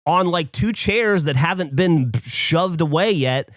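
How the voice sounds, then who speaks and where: Ranting, animated man telling a story. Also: on the high side, measured pace, no echo, clean studio sound. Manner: acts out other people's lines. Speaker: podcast co-host. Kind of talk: casual chat, storytelling.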